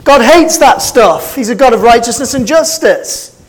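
A man's voice: very high-pitched, expressive, moderate pace. A middle-aged man, preaching a sermon as pastor with impassioned, building emphasis. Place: church.

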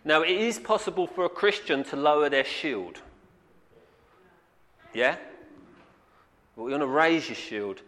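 A man's voice: on the high side, expressive, measured pace, pauses often, a bit bright. A man preaching a sermon, earnest and repetitive, often calling out "amen". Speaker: pastor. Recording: long reverb in a hall.

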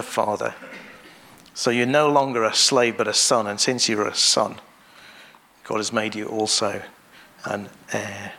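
A man preaching to his congregation with a gravelly, creaky edge to his voice. He speaks in a measured way, pausing often and going back over his phrases. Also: medium pitch, sharp tone, a little hiss or hum. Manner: measured, with pauses and restarts. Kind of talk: sermon.

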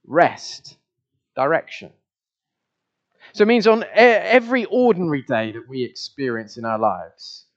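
Conversational preacher with a dull, lo-fi sound. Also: male voice, sits high. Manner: conversational, asks the congregation questions, repeats words. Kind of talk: sermon. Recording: dull lo-fi recording.

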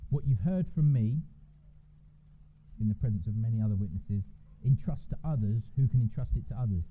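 A man's voice: fairly low pitch, brisk, narrow, tinny audio. A man giving a conversational sermon, informally checking in with his listeners. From England. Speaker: preacher. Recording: noisy church recording.

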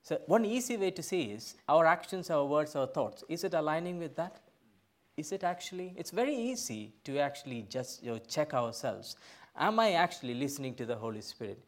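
A middle-aged man, a pastor, preaching a sermon in a church, emphatic, swinging from loud bursts to quiet asides. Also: fairly high pitch, sing-song, fairly quick. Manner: emphatic, rising to loud bursts then dropping soft.

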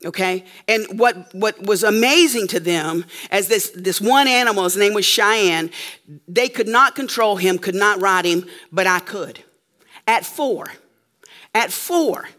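A woman's voice: medium pitch, unhurried, bright, forceful tone. A woman preacher telling a story in a sermon to a live audience, emphatic and checking in with her listeners often.

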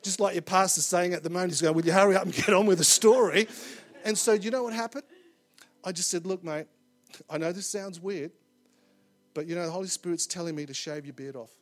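A man preaching a sermon to a live congregation, his voice sitting high for a man. He tells his story in an animated way, acting out the voices he quotes and rising loud at tense moments. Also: a little fast, faint music behind. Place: church or conference hall with live audience.

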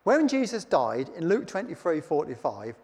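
A man's voice: fairly high pitch, huge pitch swings, moderate pace, a little mellow. Guy preaching, reads scripture then chats about it, big reverby hall. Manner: reads scripture aloud then comments in plain chat. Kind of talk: sermon.

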